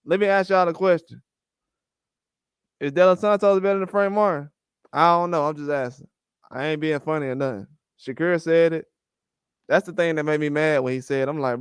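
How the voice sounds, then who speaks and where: Ranting man with a smooth, slightly high voice. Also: a little fast, no room sound, clean studio sound. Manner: ranting, acts out quoted conversations. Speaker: boxing channel host. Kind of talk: casual boxing commentary.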